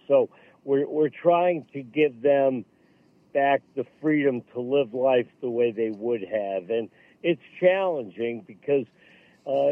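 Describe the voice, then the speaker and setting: An earnest man talks haltingly, circling back to restart his phrases. He comes through a narrow, tinny phone line with a dry sound and no room around him. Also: medium pitch, dry recording. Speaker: radio guest, veterans golf program leader. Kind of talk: phone-in radio interview.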